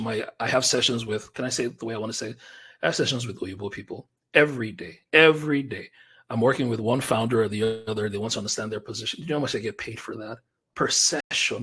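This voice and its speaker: A man, hosting a live business webinar as a coach, talking straight to viewers in an energetic, casual way. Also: medium pitch, slightly rough. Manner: energetic, conversational, talks directly to viewers with slang like bro and fam.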